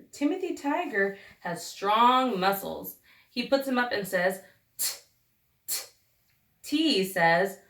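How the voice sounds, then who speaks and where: A woman teacher leading a phonics lesson for young children, sounding out each letter slowly and deliberately. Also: on the high side, creaky. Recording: echoey room, recorded from a distance.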